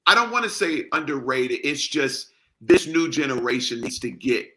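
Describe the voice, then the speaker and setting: A man's voice: medium pitch, big pitch swings, moderate pace, background noise. A young adult man from Texas with a Texan accent, a singer chatting in a laid-back way in an interview and breaking into soulful song. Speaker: singer and guest. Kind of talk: casual interview chat with sung snippets.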